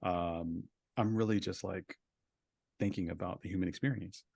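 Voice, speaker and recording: A man's voice: sits low, steady tone, moderate pace, creaky, a little mellow, dry recording, clean studio sound. A man, a voice actor guest, talking over a video call in a casual interview, reflective and full of filler words.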